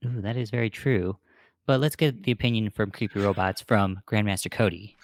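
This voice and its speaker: A man hosting a casual gaming podcast, speaking in a playful, mock-smooth announcer way. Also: fairly low pitch, steady tone, a little fast, no echo, clean studio sound. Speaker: podcast host.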